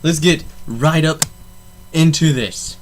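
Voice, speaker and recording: A man's voice: a little high, slow. Young male vlogger, goofy and rambling, talks into his camera mic with a faint hum behind him. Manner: goofy, rambling, self-interrupting. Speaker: unboxing vlogger. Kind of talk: casual unboxing vlog.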